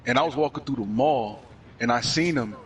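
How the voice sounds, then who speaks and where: A man from Brooklyn, telling a story in slang with lively quoted voices. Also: medium pitch, brisk, recorded from a distance, background noise. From Brooklyn, New York. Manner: streetwise slang, lively quoting. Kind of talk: casual storytelling chat.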